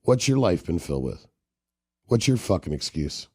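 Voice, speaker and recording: A man's voice: low-pitched, very animated, moderate pace, mellow, husky, no echo, clean studio sound. A man hosting a podcast interview, blunt and profane, challenging listeners directly with motivational talk. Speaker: podcast host.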